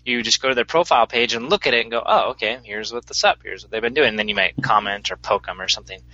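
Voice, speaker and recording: A man's voice: mid-range voice, racing, pushed and bright, no room sound, highs cut off. A man chatting casually as a podcast co-host, talking through an idea thoughtfully with fillers. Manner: thoughtful, explains ideas at length with fillers. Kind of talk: casual chat.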